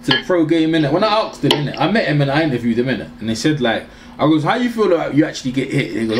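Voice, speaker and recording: A man's voice: a little high, very animated, fast, a little hiss or hum. A man with a London accent co-hosting a casual boxing chat, using streetwise slang and swearing. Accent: London English. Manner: streetwise slang, swears, says "bruv" and "innit" a lot. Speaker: boxing show co-host.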